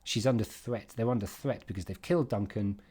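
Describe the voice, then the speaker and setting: A man's voice: fairly low pitch, a little mellow, husky. Chatty man teaching literature. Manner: chatty, emphatic, quick asides and restarts. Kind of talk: informal exam-revision lesson.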